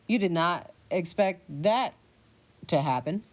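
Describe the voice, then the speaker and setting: A woman narrating a choose-your-own-adventure story in the second person, playful and animated. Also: fairly low pitch, a little slow. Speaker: podcast narrator.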